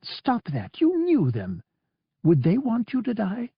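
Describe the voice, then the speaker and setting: A man's voice: high-pitched, wildly swooping pitch, takes it slowly, creaky, husky, dry recording, dull audio, voice pushed up, full character voice. A man reading an audiobook, raising his voice to play a young woman pilot who pleads, worried and angry. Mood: pleading. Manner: pleading and insistent.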